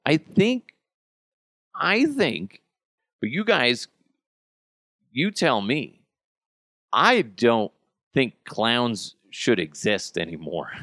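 Gravelly, profane podcast host. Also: male voice, medium pitch, dry recording, studio quality. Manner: blunt, profane ranting; swings between loud outbursts and mutters. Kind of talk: casual chat.

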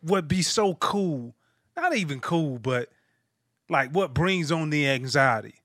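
A man in his thirties hosts a relaxed conversation and tells stories with animation, jumping into other people's voices as he goes. His voice sits high and sounds bright. The mic is close and dry. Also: unhurried, dry recording. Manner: animated storyteller, acts out teammates' lines. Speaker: podcast host, former linebacker. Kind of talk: casual chat, storytelling.

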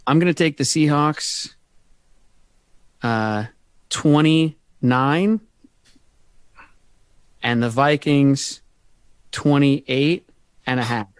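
A man's voice: mid-range voice, extremely slow, pauses often, clear, resonant tone, no room sound, clean studio sound. A man hosting a sports podcast, chatting casually and rambling with restarts. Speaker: podcast host.

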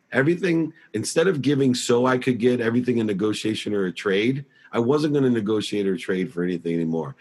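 A middle-aged man telling his life story as an interview guest, emphatic and animated. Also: lowish voice. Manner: emphatic, acts out past dialogue in a raised voice.

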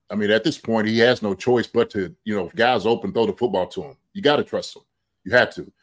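A man talks through a game in a relaxed podcast chat, his voice sitting at an ordinary middle pitch. He slips into quoted voices that jump up in excitement, then settles back into easy analysis. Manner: animated, acts out quotes in raised voice. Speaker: podcast co-host, football analyst. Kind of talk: casual sports chat.

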